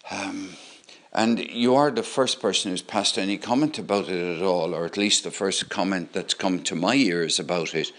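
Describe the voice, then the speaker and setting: A man's voice: deep voice, normal speed, a bit bright. A middle-aged man, host of a podcast, chatting casually in a voice message and rambling with many fillers.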